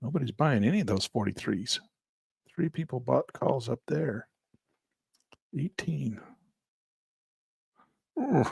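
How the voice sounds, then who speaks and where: A hoarse man who keeps clearing his throat, thinking aloud as a trading instructor while he walks through placing trades in a live session. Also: mid-range voice, big pitch swings, moderate pace, darkish tone, no room sound, studio quality.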